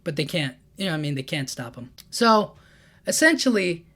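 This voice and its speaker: A man's voice: on the high side, sing-song, normal speed, bright, forceful tone. A young man casually recapping a comic chapter, rambling with many 'you know what I mean' fillers. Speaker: manga breakdown YouTuber.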